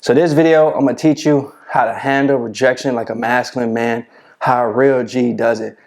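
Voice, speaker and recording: A man's voice: mid-range voice, steady tone, normal speed, gravelly, a little mellow. A man giving casual dating advice to camera, swaggering and full of slang, often asking "you know what I'm saying".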